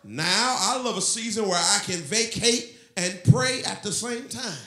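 A pastor preaches in a roomy church that rings with echo. His voice sits high and sounds bright and forceful. He swings from talk to shouted, sung-out lines. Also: a little slow, creaky. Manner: preaching, rising to shouts, half-singing phrases. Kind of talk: sermon. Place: church sanctuary. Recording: echoey church room.

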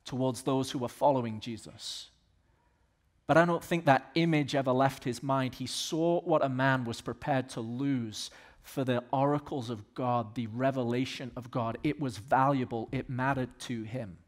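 A man from the American South preaching a sermon as pastor of a church, swinging between loud exhortation and quiet, earnest asides. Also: medium pitch. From Southern United States.

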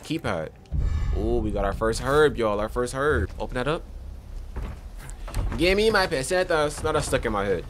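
A young man giving excitable let's play commentary on a horror game, talking to his viewers and yelling at enemies on a desk microphone. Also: medium pitch, a little fast, slight background noise. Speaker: gaming youtuber.

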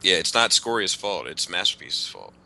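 A man's voice: low-pitched, sing-song, normal speed, creaky, bright, forceful tone, poor audio. A man hosting a casual podcast, ranting emphatically with plenty of profanity. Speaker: podcast host.

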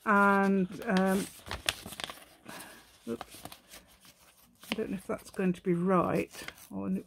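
Middle-aged woman, craft channel host, relaxed chatty walkthrough, mid-pitched voice, light hiss behind. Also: vocal fry. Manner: chatty, thinks aloud, self-mocking, hums and sings to herself. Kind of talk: casual crafting tutorial chat.

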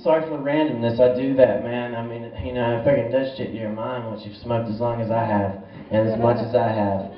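A young man performs a rambling, profane stand-up set on a small bar or club stage, delivering it in a laid-back stoner style. His voice is medium-pitched, steady and a little fast, captured far from the mic in an echoey room with dull lo-fi sound and a little hiss or hum.

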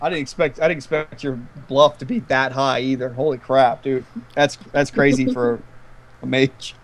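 A man's voice: mid-range voice, moderate pace. A man running a tabletop game as game master, narrating the action with frequent laughter. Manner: lively and laughing often.

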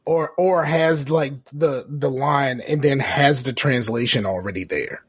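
A man's voice: medium pitch, unhurried, slightly rough. A man hosting a podcast, laughing and swearing in casual banter with his guest. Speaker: podcast host. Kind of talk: casual chat.

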